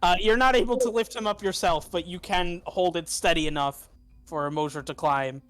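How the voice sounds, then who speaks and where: A man's voice: sits high, normal speed, fairly bright tone, dry recording, faint music behind. A man narrating and ruling as game master in a tabletop role-playing game, talking with many fillers and restarts. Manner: hesitant, filler-heavy rulings.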